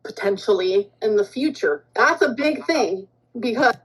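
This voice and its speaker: Flat-spoken woman on a stream. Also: on the high side, unhurried, breathy edge, poor audio. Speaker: streamer guest. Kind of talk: casual stream chat.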